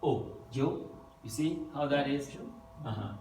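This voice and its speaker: A man's voice: fairly high pitch, normal speed. A man teaching a one-on-one lesson, patiently repeating and demonstrating words for his student. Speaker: language teacher. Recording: roomy and distant with faint ambient noise.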